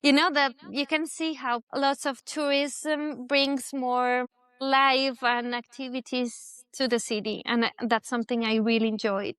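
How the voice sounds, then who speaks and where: Middle-aged Colombian woman guest, Spanish native, higher voice, dry close mic. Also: little pitch movement, measured pace, fairly bright tone, clear, resonant tone, no echo. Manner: non-native English with small grammar slips. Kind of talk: casual interview.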